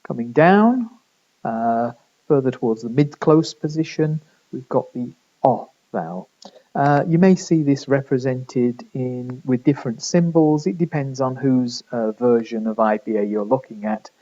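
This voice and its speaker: A man's voice: medium pitch, unhurried, warm tone, muffled recording. A man from the middle of England with a northern English accent, giving a recorded lecture with many fillers and restarts. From Midlands of England. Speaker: linguistics lecturer.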